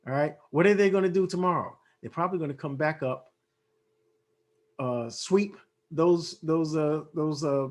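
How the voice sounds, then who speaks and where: A man walking viewers through trading charts in a casual way, thinking aloud with many fillers and restarts, his voice worn from losing it. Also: high voice. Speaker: forex trading analyst.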